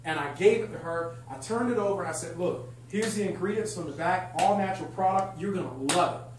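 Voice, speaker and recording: Excitable man training a roomful. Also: high-pitched, a little fast. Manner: energetic, excitable, chatty, jokes with the audience. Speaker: sales trainer. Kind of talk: lively sales training talk to a live group. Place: function room at a country club event. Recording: echoey room, distant mic, faint hum.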